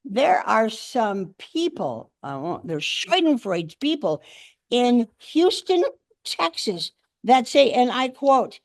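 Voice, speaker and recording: A slow, creaky, slightly high voice belongs to an older woman giving a humorous speech to her speaking club in a meeting room. Animated in her storytelling, she acts out each quote. The recording is dry and studio quality.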